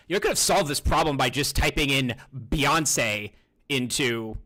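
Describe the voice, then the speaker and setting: A male streamer with a bright, forceful tone, chatting loosely with his viewers. He rambles, swears freely and mutters to himself while he searches for things, in the casual talk of a live stream. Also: medium pitch, animated, measured pace. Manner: rambling, profane, talks to himself while browsing.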